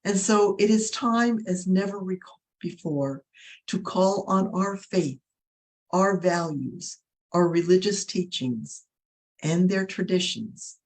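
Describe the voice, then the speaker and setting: A woman presenter giving an earnest, preacherly talk on faith, slowing down to stress her points. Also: lowish voice, darkish tone. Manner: earnest, preacherly, slows for emphasis. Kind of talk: faith talk with a told fable.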